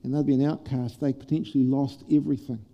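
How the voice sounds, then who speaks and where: A man preaching a sermon to a congregation, playful and lively at first and then quiet and prayerful. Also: medium pitch, fast, in a large hall. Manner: animated, humorous preaching that turns soft and prayerful. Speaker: pastor. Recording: dull lo-fi church sermon recording.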